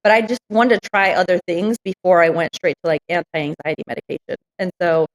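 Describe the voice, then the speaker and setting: A woman's voice: fairly low pitch, fairly quick, low-quality recording. A woman business owner telling candid stories in an interview, frank and reflective with many fillers.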